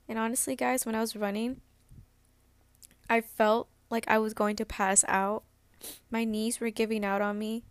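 A woman's voice: a little high, level tone, normal speed, long pauses, clean tone, no room sound. A woman in her twenties, hosting a podcast, candidly recounting a personal story in a rambling way, full of "like" and restarts. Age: 20s. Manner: candid, rambling, heavy use of "like". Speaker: podcast host.

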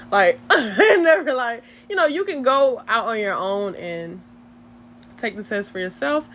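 Animated young woman telling a story. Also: mid-range voice, a little fast, slight background noise. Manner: animated, slangy, addresses viewers as y'all, laughs often. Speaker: vlogger. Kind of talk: casual storytime chat.

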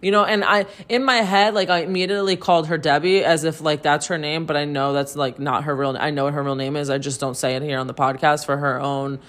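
A woman co-hosting a podcast, telling a story in casual, animated chat to her listeners, swearing freely and saying "like" a lot. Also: low-pitched, fast talker, few pauses. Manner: animated, profane, heavy use of "like". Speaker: podcast co-host.

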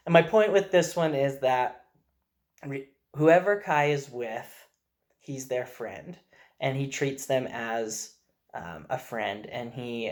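A father speaking in a casual video message, telling gentle, earnest stories about his young son. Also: medium pitch.

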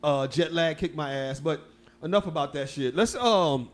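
A man's voice: a little high, moderate pace. A man from Texas co-hosting a podcast, telling stories in a loose, profane, laughing way. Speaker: podcast co-host. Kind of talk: casual chat.

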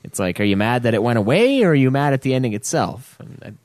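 A man's voice: mid-range voice, very animated, fast talker, darkish tone, no echo, clean studio sound. A man co-hosting a casual gaming podcast, blunt and swearing freely as he banters. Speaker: podcast co-host.

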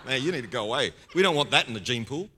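Lively Australian preacher, bright voice. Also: male voice, mid-range voice, rapid-fire, a little hiss or hum. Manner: playful, laughing, excitable. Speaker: guest pastor. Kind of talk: lively sermon. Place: church hall. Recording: long hall reverb.

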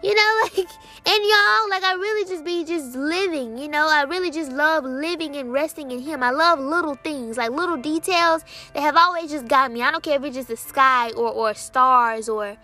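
A young woman, casually sharing a Christian testimony in an excited, chatty way, with many fillers and quoted dialogue. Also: high voice, moderate pace, faint music behind.

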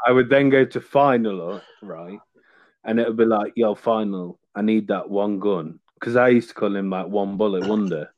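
Male podcast guest, low pitch, dry close mic, loose rambling storyteller. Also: moderate pace, a little mellow, dry recording, dull audio. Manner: rambling storytelling with many fillers. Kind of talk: casual chat.

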